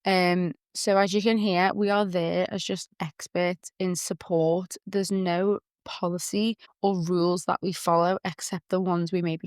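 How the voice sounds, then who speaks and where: A young woman with a Liverpool accent hosting a podcast in a candid, chatty way, often quoting people in lively voices. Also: on the low side, smooth, dry recording, clean studio sound. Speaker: podcast host, doula. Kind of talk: casual chat.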